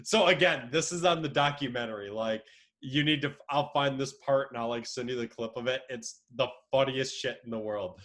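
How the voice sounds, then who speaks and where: Young man, casual podcast chat, bright forceful voice, laughs a lot. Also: mid-range voice, normal speed. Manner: laughs often, animated storytelling. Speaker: podcast co-host.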